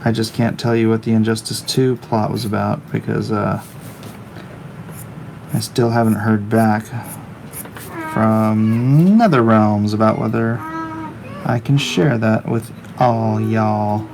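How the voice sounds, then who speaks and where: A middle-aged man with a gravelly, creaky voice talks at an unhurried, drawn-out pace. He rambles and cracks jokes while drawing on a livestream, reading viewer comments aloud. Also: on the low side, steady tone, a little mellow, a little hiss or hum. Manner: rambling, jokey, reads viewer chat aloud. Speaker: comic artist streaming his work.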